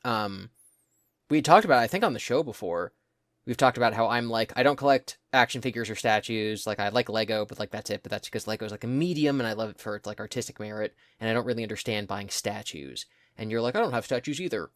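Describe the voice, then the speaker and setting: A man's voice: fairly low pitch, expressive, fast, a bit bright, dry recording, studio quality. A young man co-hosting a casual podcast, telling stories in an easygoing way and stretching words out to make a point. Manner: easygoing, drawls words out when making a point. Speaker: podcast co-host. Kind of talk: casual storytelling chat.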